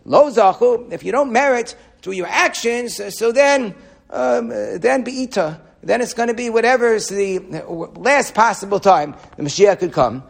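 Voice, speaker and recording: A man giving an animated Torah class, quoting Hebrew and often repeating words as he thinks. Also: very high voice, unhurried, gravelly, breathy edge.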